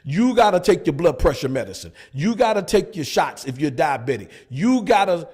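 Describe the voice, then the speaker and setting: A man's voice: fairly high pitch, sing-song, normal speed, a little mellow, breathy edge. A male pastor preaching at a Bible study, hammering points with repeated rhetorical questions. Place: church.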